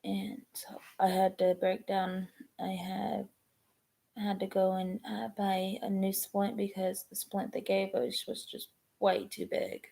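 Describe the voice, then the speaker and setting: A woman, chatting casually on a live stream, rambling and halting with many ums and restarts. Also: mid-range voice, level tone, creaky, dark tone. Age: 20s.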